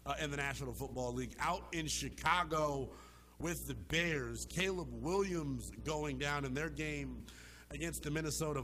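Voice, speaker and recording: A man's voice: on the high side, noisy background. A man hosting a sports talk show, arguing with emphatic, impassioned delivery and casual slang. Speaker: sports radio host.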